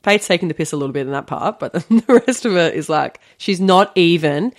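Lively young woman telling a story on a podcast. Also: lowish voice, a little fast. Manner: animated, lots of "like" fillers, laughs often. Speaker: podcast co-host. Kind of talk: casual storytelling chat.

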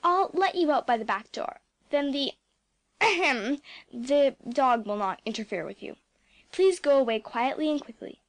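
A woman voicing a gruff, irritable middle-aged bachelor who speaks disagreeably and growls. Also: sits high, animated, normal speed.

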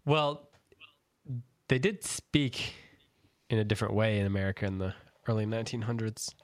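A man's voice: on the low side, quick pace, dry recording. A man hosting a casual book-club podcast, talking loosely with many restarts. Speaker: podcast host.

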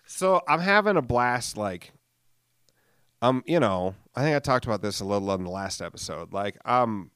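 Speaking at normal speed in a smooth, fairly bright, medium-pitched voice, this late-thirties solo podcast host is animated as he rambles, packing in fillers, swearing and jokes at his own expense. The studio microphone yields a clean, dry studio sound.

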